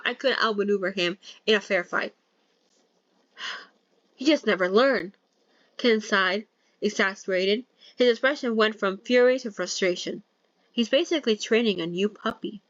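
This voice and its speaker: Young woman reading a novel aloud, casual, quick to joke and swear, dry muffled sound. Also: mid-range voice, no echo. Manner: joking asides, swears, self-corrects. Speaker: novel reader. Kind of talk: casual novel read-along with commentary.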